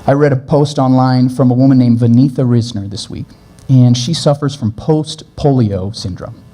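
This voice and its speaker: A man preaching a sermon as pastor, earnest, moving between brisk stretches and slow, gentle passages. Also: medium pitch. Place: church.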